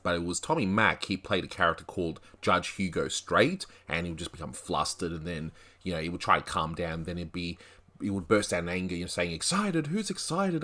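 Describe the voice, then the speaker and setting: A man with a low voice walks through his review of a vintage cartoon. He talks casually, pausing for asides and small hedges as he thinks aloud. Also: a bit bright. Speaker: animation reviewer. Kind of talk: video review commentary.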